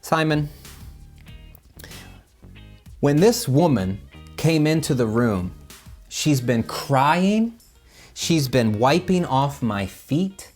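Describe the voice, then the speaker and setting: A calm, gentle man acted by the storyteller himself speaks quietly and slowly, his voice a little lower and softer than the narration. The correction is measured and unhurried.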